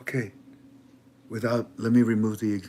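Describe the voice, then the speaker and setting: A man giving an animated commentary monologue in a dramatic, emphatic way, with many stammering restarts. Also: lowish voice, normal speed, slight background noise. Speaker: online currency commentator.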